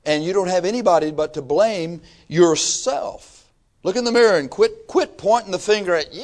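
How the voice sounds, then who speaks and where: A man delivers a brisk, emphatic sermon, moving between quiet asides and shouted exhortations. He reads scripture aloud and mimics the excuses his listeners make.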